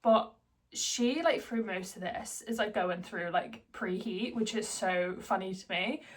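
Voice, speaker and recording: A woman's voice: medium pitch, a little slow. A young woman, chatting to camera as a book vlogger in a chatty, giggly way. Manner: chatty and giggly, with many fillers. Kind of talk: casual chat to camera.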